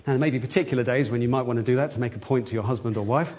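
A man's voice: medium pitch, very fast, darkish tone. A middle-aged man, a church elder, giving a conversational sermon with wry humor and acted-out quotes.

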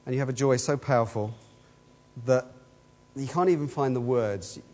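A man's voice: mid-range voice, normal speed, mellow. A man preaching a sermon in an earnest way, asking the same questions again and again. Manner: earnest, repeats rhetorical questions. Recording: long hall reverb.

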